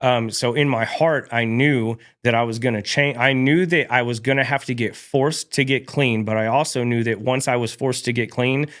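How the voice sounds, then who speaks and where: A man's voice: medium pitch, steady tone, moderate pace, hardly any pauses, fairly bright tone. A man in his thirties, a podcast guest telling his personal story in casual, slangy talk, tagging sentences with dude, man and bro. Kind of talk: casual testimony.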